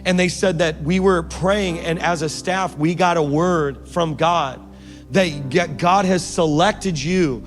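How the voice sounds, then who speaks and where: A man's voice: fairly high pitch, slow pace, long reverb tail, soft background music. A man preacher telling a conversational sermon anecdote, acting out what others said to him. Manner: conversational, with quoted dialogue.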